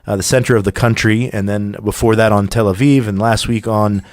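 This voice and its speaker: A man's voice: lowish voice, fairly even intonation, a little fast, dry recording. A man hosting a radio podcast in a studio, talking conversationally with frequent restarts. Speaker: podcast host. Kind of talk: radio talk show hosting.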